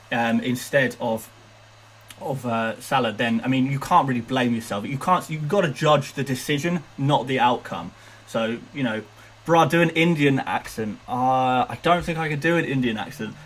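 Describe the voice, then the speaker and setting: A man's voice: medium pitch, a bit bright, slightly rough, low-quality recording. A young man hosting a fantasy football live stream, chatting casually and reading viewer messages aloud with lots of fillers. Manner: chatty, upbeat, loose with fillers and restarts.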